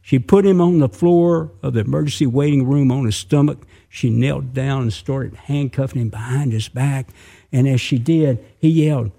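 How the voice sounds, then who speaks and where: A man's voice: medium pitch, normal speed, vocal fry, warm tone. A man telling a true crime story dramatically, adding sound effects and asking listeners questions.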